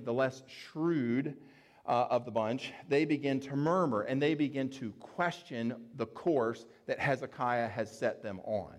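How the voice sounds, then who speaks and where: A man's voice: mid-range voice, darkish tone. A man preaching a sermon in an explanatory, conversational way, with fillers and restarts. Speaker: pastor.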